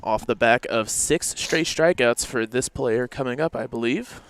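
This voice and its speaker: Smooth-voiced man co-commentating softball. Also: medium pitch, measured pace. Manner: relaxed, conversational. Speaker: color commentator. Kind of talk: casual live sports commentary.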